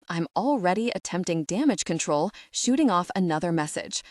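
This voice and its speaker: A woman narrates a first-person romance audiobook with a wry, expressive delivery. Her voice is fairly low but moves in lively swings of pitch. The sound is dry and close, with no room echo. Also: normal speed, hardly any pauses.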